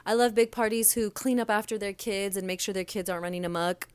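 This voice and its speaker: A woman's voice: mid-range voice, fast talker, clear, resonant tone, dry recording. Blunt, sassy young woman host. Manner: blunt, sassy storytelling with lively quoted voices. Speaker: podcast host, restaurant server and former manager. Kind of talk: casual solo podcast monologue.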